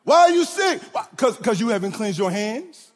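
A man preaching a sermon, swinging from loud shouted points to hushed asides. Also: high-pitched, big pitch swings, moderate pace, faint music behind. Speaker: pastor. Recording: long hall reverb.

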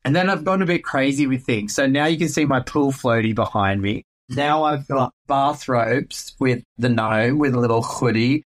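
A man, a real estate agent answering interview questions in a playful, animated way. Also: mid-range voice, moderate pace, few pauses.

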